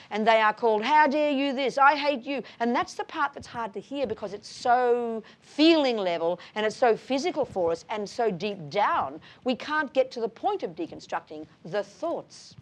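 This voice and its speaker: Blunt, emphatic woman lecturer. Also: on the high side. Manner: blunt, emphatic, calls listeners darling and sweetheart; asks listeners tag questions. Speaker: Buddhist teacher giving a talk. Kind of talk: lively lecture with audience questions.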